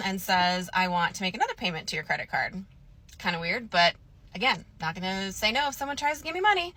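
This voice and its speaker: A woman casually recounting her own story in a chatty, animated way, often acting out both sides of conversations. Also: medium pitch, no echo.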